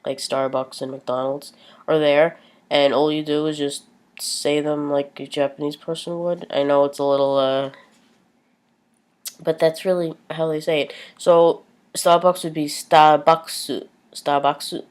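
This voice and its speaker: Woman teaching basic words on her vlog, lots of ums, chatty, slows way down on new words. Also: deep voice, level tone, darkish tone. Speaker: language teacher. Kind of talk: casual vlog lesson.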